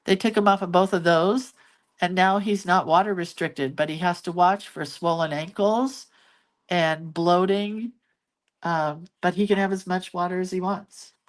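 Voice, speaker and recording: Woman lettering host, relaxed slow chat with viewers, slightly low pitch. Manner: chatty, muses aloud while drawing and reading viewer comments. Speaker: hand-lettering and doodling host. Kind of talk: casual craft livestream chat.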